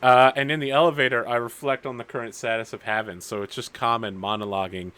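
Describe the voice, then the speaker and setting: Bright-voiced man narrating a tabletop game. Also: medium pitch, fairly even intonation, quick pace, clean tone. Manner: dramatic, half-joking narration with in-character lines. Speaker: game host and player.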